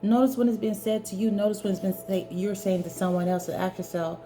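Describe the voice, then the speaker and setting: A spiritual wellness speaker with a steady mid-range voice talks fast, with few pauses, over background music. Addressing the viewer directly to camera, she gives an earnest, preachy talk, hammering her points home with repeated emphatic phrases.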